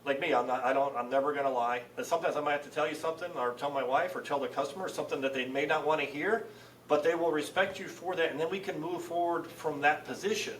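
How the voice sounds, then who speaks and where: A middle-aged man talks quickly in a slightly high voice, acting out conversations as he tells stories. He sits back from the mic in a roomy space with faint ambience behind him. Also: far from the mic, slight background noise. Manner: animated storyteller acting out dialogue. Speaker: CEO guest. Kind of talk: casual podcast conversation.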